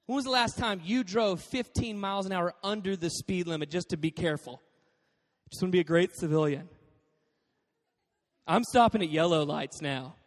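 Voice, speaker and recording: A man with a high voice preaches with animated, joking energy, telling stories as he goes. His words ring out through a long hall reverb in a church sanctuary. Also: moderate pace. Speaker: pastor. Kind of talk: sermon.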